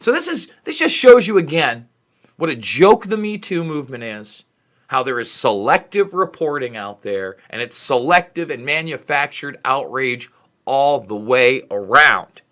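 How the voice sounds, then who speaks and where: A man's voice: medium pitch, big pitch swings, unhurried, fairly bright tone. A man hosting his own commentary vlog, ranting in an indignant, emphatic way and stretching out key words for effect. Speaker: online commentary host.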